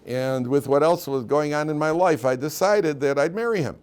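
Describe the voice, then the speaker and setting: A man's voice: on the high side, normal speed, darkish tone, clean tone, pitched above the performer's own voice, close to an everyday voice. A man voicing a young bride who earnestly recounts and thanks someone, in his own slightly raised voice.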